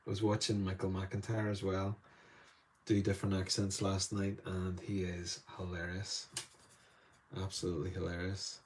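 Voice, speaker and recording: A man's voice: deep voice, monotone, normal speed, slight background noise. An Irish man teaching watercolour live, chatting to viewers with rambling asides while he paints in a studio. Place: indoor art studio.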